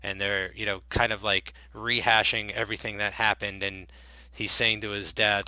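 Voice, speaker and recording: A man's voice: fairly low pitch, moderate pace, bright, forceful tone, no echo, poor audio. A man guest on a podcast, talking casually about a film, full of fillers and acted-out lines. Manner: rambling, filler-heavy, acts out lines.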